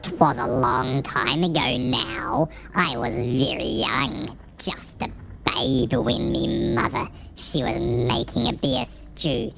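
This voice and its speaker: A gravelly old village drunk, as a man puts him on, rambling in a slow, folksy drawl. The voice sits higher than the performer's own and crawls along at a sluggish pace, thick with rustic turns of phrase. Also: very animated, over loud music, exaggerated voice, low-quality recording.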